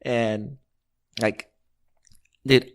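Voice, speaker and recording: A man's voice: mid-range voice, steady tone, extremely slow, clear, resonant tone. A man co-hosting a podcast who tells a long, profane anecdote in a loose, rambling way. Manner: rambling, profane, restarts often. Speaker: podcast co-host. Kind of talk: casual storytelling chat.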